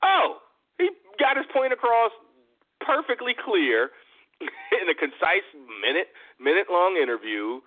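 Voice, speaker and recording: A man co-hosting a wrestling talk show, chatting excitedly and rambling with many restarts. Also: high-pitched, measured pace. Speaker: podcast co-host. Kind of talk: casual wrestling chat. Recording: phone-line audio.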